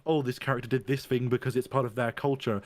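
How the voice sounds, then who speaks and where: A man talking quickly in a relaxed podcast conversation, circling and restarting his sentences as he works out what he means. The voice sits at an ordinary middle pitch, and the sound is close and dry. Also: dry recording. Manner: rambling, thinks aloud with many restarts. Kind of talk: casual chat.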